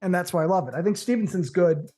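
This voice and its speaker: A man co-hosting a casual movie podcast, opinionated and animated, with profane banter. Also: sits high, fast. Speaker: co-host.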